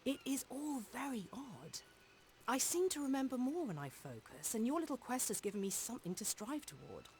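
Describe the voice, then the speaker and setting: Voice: medium pitch, sing-song, normal speed, darkish tone, slight background noise, natural voice. A voice actor playing a weathered, cryptic game character who hands out a quest. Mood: musing. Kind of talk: game dialogue.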